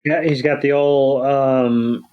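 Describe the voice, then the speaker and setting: A man's voice: mid-range voice, little pitch movement, slow, clear, resonant tone, muffled recording. Rambling podcast man recapping an episode. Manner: rambling, many ums and you-knows, acts out quotes. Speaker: podcast co-host.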